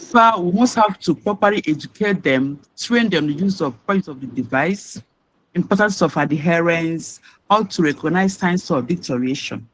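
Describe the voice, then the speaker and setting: A man lecturing on respiratory pharmacology, in a halting way with restarts and key words stressed. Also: fairly high pitch, a bit bright, slight background noise, low-quality recording.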